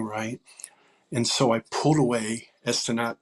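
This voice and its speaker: A man in his sixties, a songwriter guest, telling stories in a casual interview, halting with fillers and dropping to a whisper for quoted lines. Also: on the low side, level tone, creaky, slightly rough. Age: 60s.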